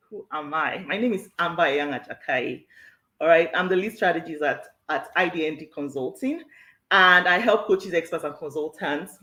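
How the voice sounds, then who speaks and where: A woman's voice: on the low side, a bit bright, reverberant, poor audio. A woman coach hosting an online workshop who talks emphatically, repeats herself and laughs often. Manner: emphatic and repetitive, with frequent "all right"; laughs often while talking. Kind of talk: live online workshop talk.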